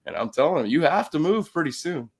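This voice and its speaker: A man casually telling a story, swearing freely, laughing between phrases, and swinging from loud to soft. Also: fairly high pitch, lively intonation, quick pace, husky.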